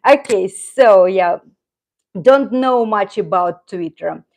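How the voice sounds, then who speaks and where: A woman's voice: medium pitch, slow, a little mellow. Middle-aged woman, Russian accent, casual live-stream chat, rambling, laughs often. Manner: rambling, reads viewer comments, laughs often. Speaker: channel host, Russian teacher.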